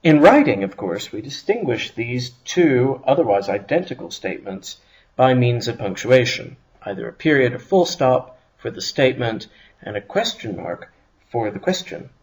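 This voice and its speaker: A man teaching a recorded Hebrew grammar lesson, explaining in a measured way and stressing the start of each phrase. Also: medium pitch, big pitch swings, a little mellow, poor audio.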